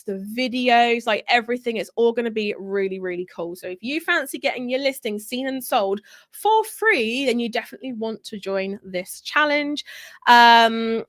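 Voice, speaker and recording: A woman hosting a casual live Q&A, her voice a touch high and hoarse. She talks in a chatty, friendly flow and doubles up words for emphasis. The sound is dry and close. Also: a bit bright, no echo. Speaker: live-stream host for handmade sellers.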